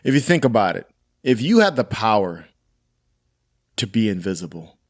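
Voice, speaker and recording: A man's voice: on the low side, sing-song. Casual male podcast co-host. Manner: chatty, recapping with quick asides and mock quotes. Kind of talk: casual chat reviewing a film.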